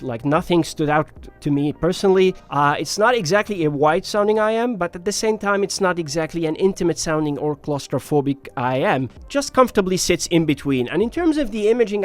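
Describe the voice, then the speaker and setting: A man giving a casual, personal review of earphones, talking in a chatty way with many fillers. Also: on the high side. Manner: chatty, personal, frequent "you know" and "like". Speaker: audio reviewer.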